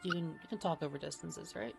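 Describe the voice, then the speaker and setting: Woman, tabletop player, hesitant, trips over words, fairly low voice. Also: fast, creaky, music in the background. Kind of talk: casual tabletop play.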